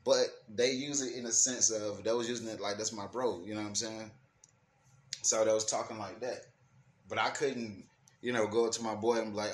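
A man's voice: on the low side, a little fast. A man speaking in African American Vernacular English, ranting casually and emphatically with profanity, restarting and repeating words as he thinks. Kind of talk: casual opinion rant to camera. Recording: echoey room with faint ambient noise.

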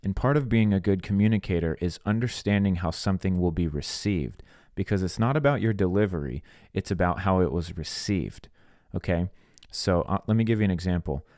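With a deep, darkish voice, this man moves briskly and animatedly through his faith podcast. He preaches earnestly in plain language and acts out quoted dialogue, recorded cleanly in a studio without echo.

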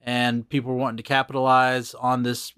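Man hosting a relaxed podcast. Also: medium pitch, brisk, clear, resonant tone, no echo, studio quality. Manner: relaxed, explains background facts. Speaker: podcast host. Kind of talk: casual podcast chat.

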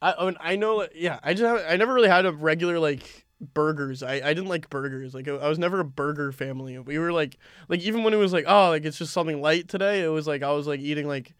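Talky young man, high clear voice. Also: quick pace, fairly bright tone, no echo, studio quality. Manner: rambling, loose, lots of filler words. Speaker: podcast co-host. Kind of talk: casual chat.

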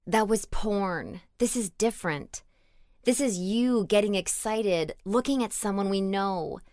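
A woman's voice: medium pitch, measured pace, darkish tone, dry recording, close to an everyday voice. Jealous older woman, wounded and accusing, read by the woman narrating the audiobook, dry voice. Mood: hurt. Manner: accusing, raw and emotional. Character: hurt jealous older woman, long-time partner. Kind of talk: audiobook character reading.

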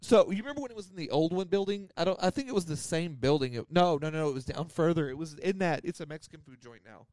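A man's voice: fairly high pitch, animated, fast talker, few pauses, a little mellow, no echo, clean studio sound. A man, telling a rambling story on a podcast with lots of laughter. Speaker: podcast host. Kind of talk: casual storytelling.

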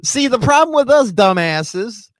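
A male host tells animated, profane stories with loud bursts. His voice is high and swings widely in pitch. The sound is dry and close. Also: a little slow, no echo. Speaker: podcast host. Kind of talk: casual chat reacting to clips.

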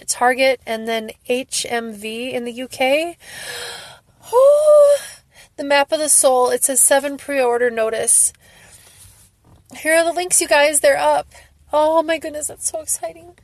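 Slow-talking emotional woman fan vlogger. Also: sits high, dry recording. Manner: emotional, laughing and tearful, gushing. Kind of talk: casual fan vlog reaction.

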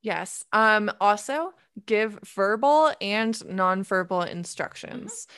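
A woman's voice: medium pitch, expressive, takes it slowly, fairly bright tone, smooth, no room sound. Chatty woman podcast co-host, dry sound. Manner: chatty, many fillers like "you know". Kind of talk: casual chat.

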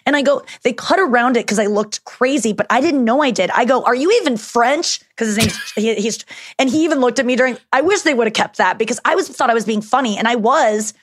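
A woman's voice: a little high, quick pace, dry recording, studio quality. Candid rambling woman telling stories. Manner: rambling, candid storytelling with frequent "like" and swearing. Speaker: guest, show host. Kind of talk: casual podcast chat.

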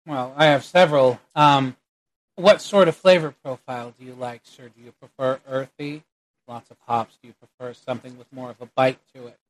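Brief: a man playing a courteous elf barkeep, soft-spoken and brisk. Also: mid-range voice, fairly even intonation, natural voice, low-quality recording. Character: polite male elf bartender.

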